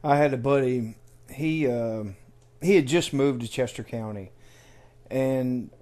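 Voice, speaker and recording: A man's voice: medium pitch, unhurried, mellow. A man co-hosting a casual podcast, reacting with short asides and easygoing remarks. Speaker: podcast co-host. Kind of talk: casual chat.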